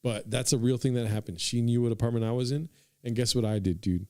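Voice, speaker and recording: A young man spins a comic story for his podcast listeners, rambling and swearing freely and calling everyone "dude." He talks at an ordinary pitch for a man. The sound is dry and close, with no room echo. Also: steady tone, fast, darkish tone. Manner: profane, rambling, says "dude" constantly, addresses listeners. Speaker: podcast host. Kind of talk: casual comedic storytelling.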